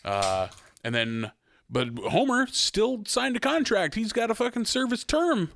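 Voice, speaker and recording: A man's voice: very high voice, very animated, measured pace, gravelly, a bit bright, no room sound, clean studio sound. A man co-hosting a podcast, casually recapping cartoon episodes and swearing often, his voice a bit strained. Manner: swears often, laid-back. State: voice getting strained. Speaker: podcast co-host.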